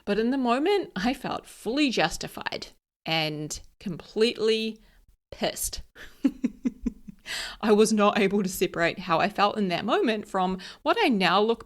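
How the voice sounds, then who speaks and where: A woman in her thirties hosting a solo podcast, chatty and candid, laughing at herself and searching for words. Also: mid-range voice. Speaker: podcast host. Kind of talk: casual solo podcast talk.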